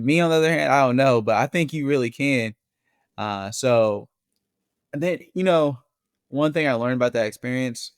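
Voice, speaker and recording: A man's voice: mid-range voice, smooth, no echo, clean studio sound. Easygoing man telling a running story. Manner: relaxed storyteller, laughs easily. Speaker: guest marathon runner. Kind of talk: casual interview chat.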